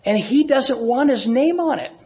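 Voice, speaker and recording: A male pastor delivers a sermon to his congregation in the church sanctuary, repeating phrases for emphasis and asking the room questions. His very high-pitched voice has lively intonation, normal speed and a darkish tone, in a muffled recording.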